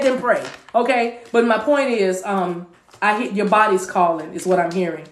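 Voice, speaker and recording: A woman's voice: mid-range voice, normal speed, a little hiss or hum. A woman giving a live tarot reading to her viewers. She talks in a chatty way, repeats phrases, and now and then slips into speaking in tongues. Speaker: tarot card reader. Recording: echoey room.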